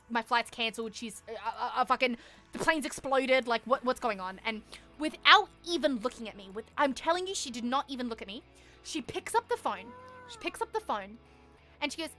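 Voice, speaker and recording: A woman's voice: sits high, bright, forceful tone. A young woman streamer telling a story casually, acting out both sides of a conversation and swearing freely. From Australia.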